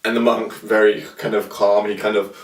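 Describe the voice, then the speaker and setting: A man's voice: lowish voice, flat delivery, moderate pace. A young man casually reflecting to camera, rambling and searching for words. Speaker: vlogger. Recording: roomy sound from a distant mic.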